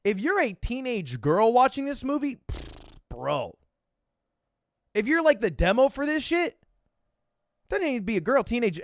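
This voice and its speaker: Animated twenty-something man telling a story. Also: high voice, no echo, clean studio sound. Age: 20s. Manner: animated, swearing, sudden loud laughs and bursts. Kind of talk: casual storytelling.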